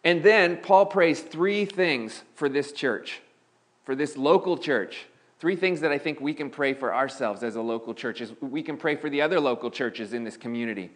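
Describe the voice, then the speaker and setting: A man's voice: mid-range voice, normal speed. A male pastor giving a sermon in a church, talking casually with restarts and lifting his voice on key points. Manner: conversational preaching with frequent restarts, rising emphasis on key points. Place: church sanctuary.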